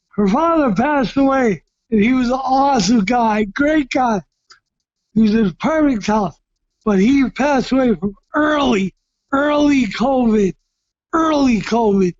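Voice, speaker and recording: Middle-aged man, ex-boxer guest: loud, excitable, unhurried, dry close sound. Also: very high-pitched, dry recording, muffled recording. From Massachusetts. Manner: loud, excitable, often shouting, with frequent restarts and repeats. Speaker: retired heavyweight boxer, guest. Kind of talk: casual storytelling interview.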